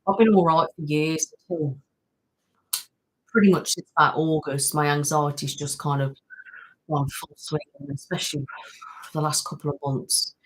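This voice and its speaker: Low husky woman chatting on a live stream. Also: steady tone, normal speed, pauses often, rough recording. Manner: chatty, thanks viewers by name, trails off. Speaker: ASMR channel host. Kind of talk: casual live-stream chat reading comments. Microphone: studio mic.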